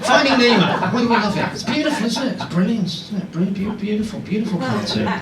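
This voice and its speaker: A man's voice: sits high, quick pace, far from the mic. A man in his forties doing live stand-up comedy, chatting with the audience. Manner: animated, chatty crowd work with frequent asides to the audience. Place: comedy club in a pub. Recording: roomy live club audio with loud audience laughter.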